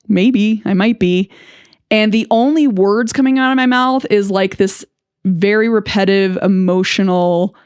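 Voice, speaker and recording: A woman who is a speech-language pathologist hosts a podcast, delivering a candid first-person monologue that is frank and reflective, broken up by bursts of nervous laughter. Her medium-pitched voice is smooth and slightly mellow, with no room sound.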